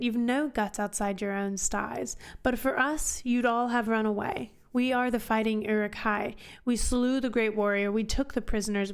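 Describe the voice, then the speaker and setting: A woman's voice: on the high side, clean tone. Ugluk, a boastful orc captain read by a woman. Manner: read aloud from a book in a plain voice. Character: brutal male orc captain, boastful commander.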